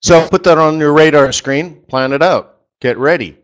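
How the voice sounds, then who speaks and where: A man with a voice on the high side speaks at normal speed. He's a forex trading coach teaching a live webinar lesson, chatty and joking, tossing out rhetorical questions.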